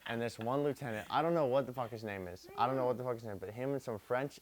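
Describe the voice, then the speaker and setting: A man's voice: medium pitch, quick pace. A young man retelling history drunk, rambling and repeating himself, swearing constantly and using street slang. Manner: profane, repetitive, street slang. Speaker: drunk storyteller.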